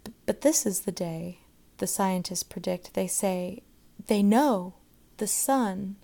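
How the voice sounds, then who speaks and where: A woman voicing a withdrawn young girl who speaks softly and pleadingly in a storybook reading. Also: mid-range voice, takes it slowly, gravelly. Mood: wistful. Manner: soft and pleading.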